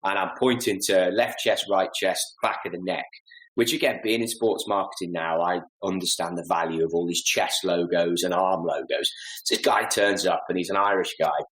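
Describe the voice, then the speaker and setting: Man, 40s, low-ish voice, animated self-deprecating storyteller, roomy echo. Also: moderate pace. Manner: animated, self-deprecating anecdotes with lively acted-out asides. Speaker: podcast guest, golf club fitter. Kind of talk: casual storytelling interview.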